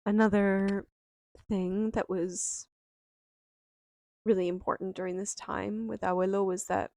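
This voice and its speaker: A young woman slowly and softly telling a personal memoir, reflective and unhurried, with lingering pauses. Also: lowish voice, no echo. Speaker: storyteller.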